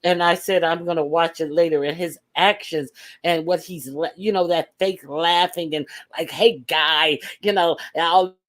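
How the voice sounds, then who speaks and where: A woman's voice: on the low side, steady tone, normal speed. A woman in casual chat, blunt and opinionated.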